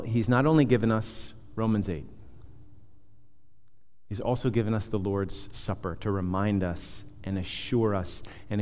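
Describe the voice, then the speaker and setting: A man preaching a sermon as pastor, animated and conversational, firing off rhetorical questions and dropping into softer asides. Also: on the low side. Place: church hall. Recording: long hall reverb.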